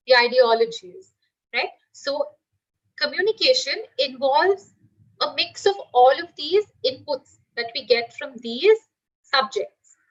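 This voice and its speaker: A woman's voice: high-pitched, highs cut off. A woman teacher giving a live online class, explaining with everyday examples and asking the class questions.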